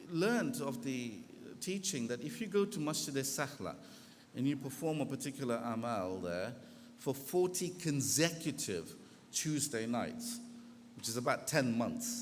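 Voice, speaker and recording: A man giving a religious lecture to a gathering, telling a story in an animated way and acting out the quotes, through a PA in a large hall. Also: medium pitch, moderate pace. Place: large echoey hall with congregation. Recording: echoey hall with background noise.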